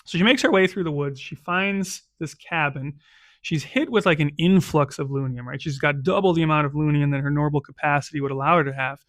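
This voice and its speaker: A man's voice: a little high, a little fast, a bit bright, no room sound, studio quality. A man narrating a solo tabletop game recap as game master, loose and conversational. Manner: loose, conversational, checks in with "right?".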